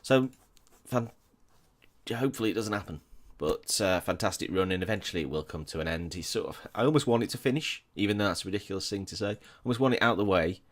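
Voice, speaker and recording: A low-pitched man chats through his football management game, running over results with dry little asides. He corrects himself often and keeps an easy, relaxed flow. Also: fast talker. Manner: chatty, self-correcting, wry asides. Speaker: gaming YouTuber. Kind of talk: casual game commentary.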